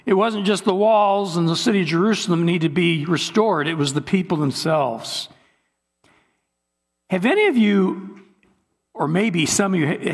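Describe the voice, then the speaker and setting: Male preacher, fairly high voice with a breathy edge, chatty sermon with wry asides, long church reverb. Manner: conversational, joking asides. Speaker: pastor.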